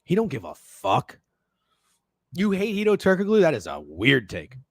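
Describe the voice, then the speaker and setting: A man's voice: on the high side, huge pitch swings, moderate pace, no room sound. A man hosting a sports betting show, ranting in casual, profane chat and answering messages from viewers. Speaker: sports betting podcast host.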